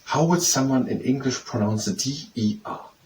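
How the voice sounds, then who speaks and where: A man works through French phrases, repeating each one slowly as he tries out the sounds. His voice sits in a middling register and comes from some distance off the mic, with a faint hiss of background noise underneath. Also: mid-range voice, a little mellow. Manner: slow, repetitive, trying out pronunciations. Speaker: language and exercise tutor. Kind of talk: practicing French phrases aloud, then leading exercises.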